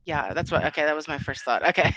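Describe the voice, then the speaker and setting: A woman's voice: deep voice, a bit bright, lo-fi sound. A woman speaking over a video call, telling casual family stories and taking audience questions, rambling and laughing often. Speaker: conference speaker, threat intelligence analyst.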